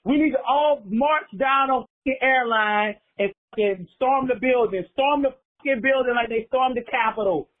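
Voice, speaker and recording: High-voiced man ranting by phone. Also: moderate pace, few pauses. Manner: ranting, casual slang. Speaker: caller. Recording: tinny phone line.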